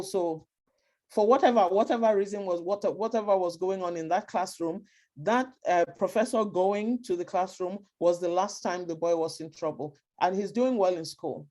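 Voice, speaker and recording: A woman's voice: medium pitch, dark tone. A woman giving a storytelling talk about schooling, who poses rhetorical questions and answers them herself, and who often restarts and repeats words mid-sentence. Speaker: speaker on schooling and parenting.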